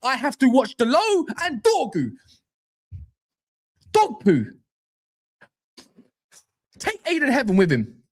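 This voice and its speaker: A man rants about football, frustrated and full of slang. His pitch leaps all over the place, up and down from one line to the next. He talks in a lively, worked-up way. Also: slow, long pauses. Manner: animated, frustrated ranting with slang. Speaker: host. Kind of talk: football reaction rant.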